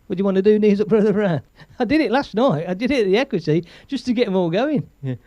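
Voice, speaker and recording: A man's voice: high voice, lively intonation, fast talker, mellow, no room sound, lo-fi sound. A man hosting a casual live stream, chatting, laughing and reading out viewer comments. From England. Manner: chatty, rambling, laughs often, reads viewer comments aloud.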